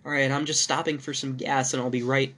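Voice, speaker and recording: A man voicing a nervous, defensive male lover, a little higher than his own voice. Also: little pitch movement, a little fast, a bit bright, lightly acted. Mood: hurried.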